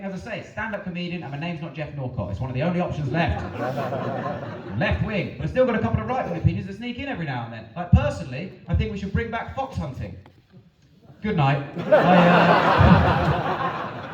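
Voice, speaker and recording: A male stand-up comedian who performs his set with animated, sweary, self-mocking storytelling. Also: fairly high pitch. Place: comedy venue stage. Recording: echoey venue, distant mic, dull sound.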